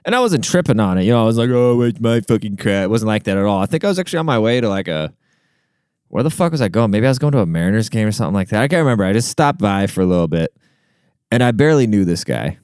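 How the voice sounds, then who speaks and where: A man's voice: lowish voice, big pitch swings, very fast, darkish tone, clean tone, dry recording, studio quality. A young man talking casually through a personal story, rambling with lots of filler words and swearing, earnest and emotional.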